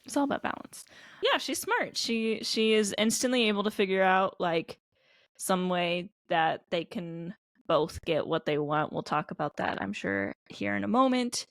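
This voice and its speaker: A woman's voice: mid-range voice, expressive, unhurried, dry recording, clean studio sound. A woman co-hosting an anime podcast, talking casually with lots of "like" and trailing thoughts. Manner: casual, rambling, many "like" fillers. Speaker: podcast co-host.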